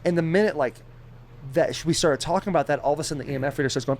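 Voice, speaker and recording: A young man in his twenties, co-hosting a podcast, telling a story in a rambling, animated way full of swearing. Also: fairly high pitch, racing, a little hiss or hum. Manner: rambling, animated, swears a lot, imitates beeps and voices. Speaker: podcast co-host. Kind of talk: casual storytelling.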